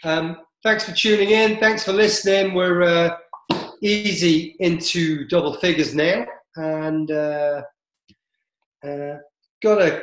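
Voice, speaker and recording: Rambling man in an echoey room. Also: a little high. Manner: rambling, hesitant, with many fillers. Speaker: podcast host. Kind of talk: casual podcast chat.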